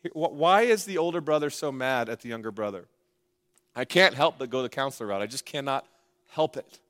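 A man's voice: mid-range voice, expressive, fairly quick, fairly bright tone. A man preaching a sermon in a playful, conversational way, with asides to the congregation. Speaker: pastor.

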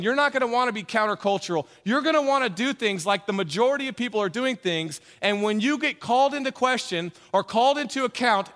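A man's voice: sits high, a bit bright, in a large hall. A man preaching a conversational sermon as pastor, emphatic, with joking asides.

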